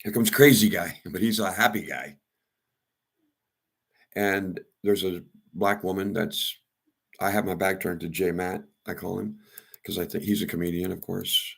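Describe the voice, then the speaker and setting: A man telling a rambling personal story, halting and repeating himself as he goes. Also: low-pitched, fairly even intonation, gravelly, a bit bright, breathy edge. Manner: halting, repeats and restarts words.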